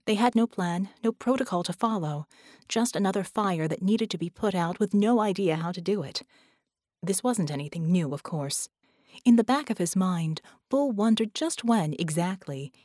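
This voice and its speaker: A woman narrating an audiobook in a measured, steady reading voice. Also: lowish voice, no echo, clean studio sound. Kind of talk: scripted narration.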